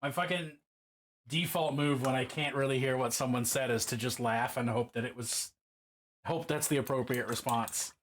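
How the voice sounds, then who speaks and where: A man's voice: mid-range voice, fairly even intonation, normal speed, a bit bright. A man chatting casually on a livestream while painting miniatures, swearing freely and reacting to viewer comments.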